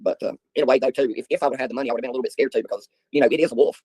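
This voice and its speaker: A man's voice: medium pitch, fairly even intonation, very fast, a little mellow, husky, dry recording, poor audio. A middle-aged man, hosting a livestream and chatting with viewers in a rambling, folksy way. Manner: rambling, folksy storytelling with filler ums. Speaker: livestream host. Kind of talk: casual chat answering viewers.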